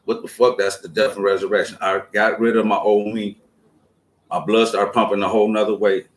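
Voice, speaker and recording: A man's voice: on the low side, flat delivery, a little fast. A man hosting a show, giving a streetwise, profane spiritual talk and acting out quoted voices. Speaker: show host. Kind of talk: casual spiritual monologue. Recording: roomy echo.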